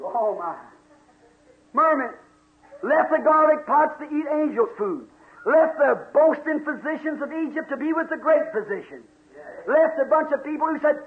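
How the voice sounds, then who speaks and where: A man's voice: very high-pitched, lively intonation, a little slow. A man preaching a fiery sermon in a church, folksy and full of exclamations. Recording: tinny echoey old church tape.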